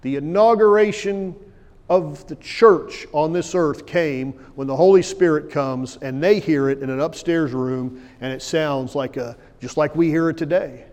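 A male pastor preaching a sermon, with emphatic delivery that swings from loud declarations to hushed asides. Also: fairly high pitch, measured pace. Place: church sanctuary. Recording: long church hall reverb.

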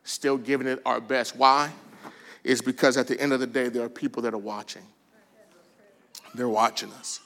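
A man preaching a sermon, telling stories with lively bursts of shouting and quiet, soft asides. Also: mid-range voice, normal speed, pauses often. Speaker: pastor.

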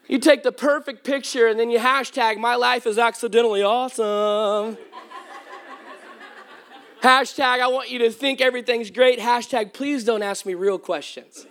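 A man preaching a sermon as pastor, telling humorous stories to his congregation. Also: extremely high pitch. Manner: humorous, animated storytelling to a congregation. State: voice cracking at times.

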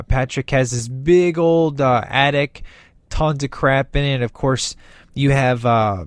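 A man's voice: medium pitch, dry recording, clean studio sound. Enthusiastic man rambling about a movie. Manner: enthusiastic, rambling, acts out scenes in quick voices. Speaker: movie reviewer. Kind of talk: casual spoken movie review.

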